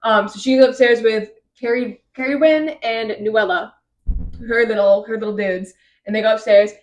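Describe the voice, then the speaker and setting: A woman's voice: on the high side, fairly even intonation, moderate pace, rough recording. Chatty woman recapping a book. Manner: rambling retelling with quoted voices. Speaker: podcast host.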